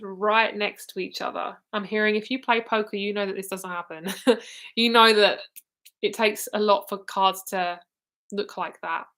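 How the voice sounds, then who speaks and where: Here is a chatty woman reading tarot live, blunt and quick to laugh. She sounds tired and keeps yawning between cards, yet stays eager. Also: mid-range voice, a bit bright. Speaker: tarot reader.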